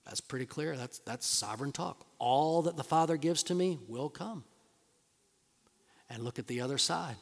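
In a church sanctuary, a pastor preaches to his congregation, reading scripture aloud and rising into emphatic bursts. His voice is medium-pitched and a little bright, and the large hall gives the recording a long reverb.

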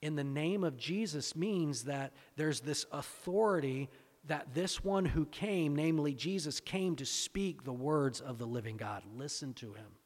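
A man with a fairly high voice delivers a sermon, posing questions to his listeners and driving points home through repetition. His words trail off into the long reverb of a big hall. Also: measured pace. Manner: asks rhetorical questions and repeats phrases for emphasis. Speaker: pastor.

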